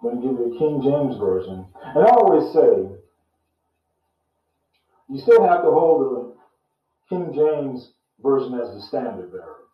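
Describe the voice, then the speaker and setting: A man hosts his own show and teaches on scripture in an unhurried, deliberate way, going back over phrases to drive them home. His voice rings around a very reverberant room, and the sound is dull and muffled. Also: mid-range voice, very animated, recorded from a distance. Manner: slow, deliberate, repeats phrases for emphasis. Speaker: host and Bible teacher. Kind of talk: casual Bible teaching.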